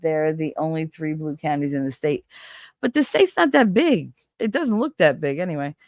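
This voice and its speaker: A woman's voice: low voice, moderate pace, no room sound, clean studio sound. A woman chatting casually on a stream, telling stories with lots of swearing and laughter, acting out the voices of the people she quotes. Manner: animated, swears freely, acts out quoted voices; laughs often. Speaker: stream co-host. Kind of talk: casual storytelling chat.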